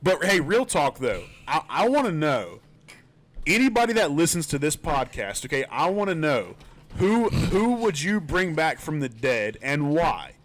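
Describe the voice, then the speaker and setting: A man's voice: a little high, big pitch swings, measured pace. A young man co-hosting a casual podcast, talking in a goofy put-on British accent that slides into Australian. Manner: goofy, playfully theatrical. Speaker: podcast co-host. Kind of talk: joking casual podcast banter. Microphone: studio mic with headphones.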